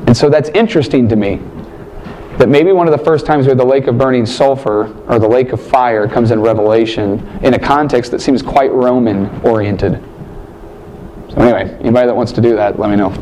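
A man's voice: medium pitch, darkish tone, slight background noise. A man teaching a Bible class, quizzing his students and joking between points. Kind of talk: classroom lecture with questions.

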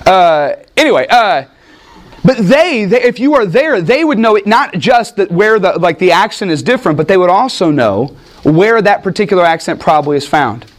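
A man leads a Bible study sermon in a fairly high voice. He keeps it lively with jokes and quick questions thrown out to his listeners. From United States. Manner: animated, jokey asides, asks the room questions. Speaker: preacher teaching a Bible study. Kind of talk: teaching sermon with audience questions.

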